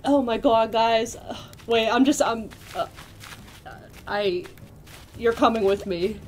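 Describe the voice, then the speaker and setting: Live-streaming a video game, a young woman with a slightly high voice chats with her viewers, excitable and quick to break into squeals and laughter.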